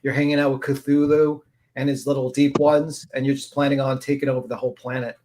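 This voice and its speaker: A man's voice: medium pitch, little pitch movement, fairly quick, background noise. A man chatting on a live stream, rambling and thoughtful as he explains his ideas, swearing casually.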